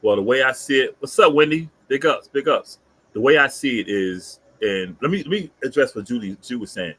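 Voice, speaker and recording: A man in his fifties with a Bronx New York accent, co-hosting a casual chat and telling stories in an animated way, full of street slang. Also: mid-range voice, a little fast, slightly rough. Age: 50s. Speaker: co-host.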